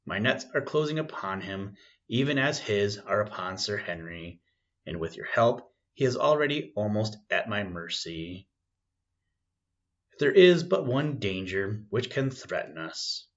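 A man's voice: lowish voice, expressive, a little slow, fairly bright tone. A man voicing an urgent, commanding male detective, grave and intense, on a dull lo-fi recording.

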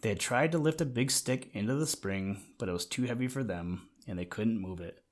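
Man gently reading a storybook. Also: lowish voice, moderate pace. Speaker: narrator.

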